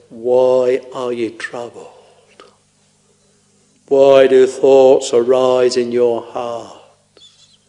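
A man preaching a sermon, tenderly addressing his listeners in a slow, intoning way. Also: medium pitch, mellow. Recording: long reverb of a large hall.

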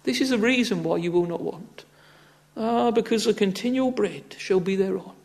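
Male preacher with a strikingly high, fry-tinged voice, earnest and exhorting in the pulpit. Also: normal speed, darkish tone. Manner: earnest, exhorting, with frequent "ah, friends" and "oh". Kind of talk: sermon.

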